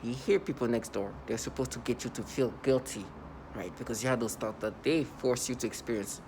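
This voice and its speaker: A man talking straight to his viewers in a loose, rambling monologue, his voice pitched squarely in the middle range. He circles back on his points with plenty of ums and restarts, earnest and worked up, while a faint hum of noise sits behind him. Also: brisk. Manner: rambling and repetitive, with many fillers and restarts; earnest and agitated. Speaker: vlogger. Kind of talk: unscripted monologue to camera.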